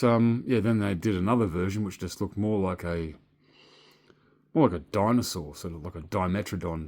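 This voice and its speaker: A man's voice: fairly low pitch, a little mellow. A man with an Australian accent, chatting casually and rambling through a story as a toy collector vlogger. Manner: chatty, meandering, swears casually.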